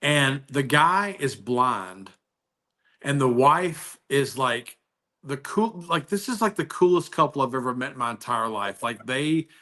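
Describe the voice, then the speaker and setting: A man's voice: mid-range voice, lively intonation, unhurried, bright, forceful tone. A man telling stories in casual chat on a live video call, enthusiastic and full of restarts. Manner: enthusiastic storyteller, many restarts.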